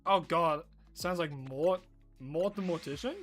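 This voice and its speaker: A woman's voice: deep voice, measured pace, faint music behind. A woman streaming a game and chatting casually, playful and given to mock-dramatic narration and whispered asides. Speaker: gaming livestreamer.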